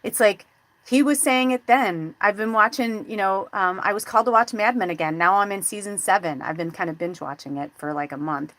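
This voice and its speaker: Chatty bright-voiced woman in her forties. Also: medium pitch, fairly quick, dry recording. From United States. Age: 40s. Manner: chatty, animated storyteller who acts out quoted dialogue. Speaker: spiritual medium host. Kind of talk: casual livestream chat.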